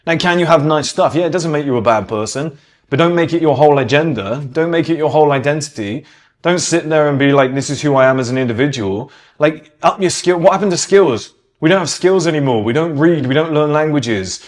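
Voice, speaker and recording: A British man giving a casual, opinionated monologue. He talks with emphasis, swears freely and acts out the people he quotes. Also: fairly high pitch. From Britain. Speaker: podcast host.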